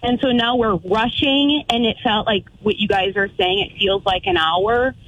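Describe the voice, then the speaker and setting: A woman in her thirties telling a frightening story as a caller, talking fast and acting out what people said. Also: mid-range voice, fairly bright tone, breathy edge, lo-fi sound. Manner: breathless retelling with quoted dialogue. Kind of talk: casual storytelling.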